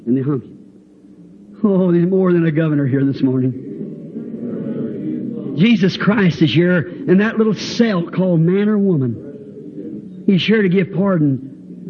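A man with a high voice preaches a fervent sermon, acting out the voices in his story and breaking into hymn lines. The recording is dull and lo-fi, with faint hiss underneath. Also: lively intonation, normal speed. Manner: fervent, acts out dialogue and sings hymn lines.

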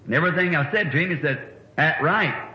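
A man's voice: on the high side, fairly quick. A middle-aged man, preaching a sermon in a folksy, rambling, anecdotal way. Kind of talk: sermon storytelling. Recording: echoey, dull old sermon recording with faint hiss.

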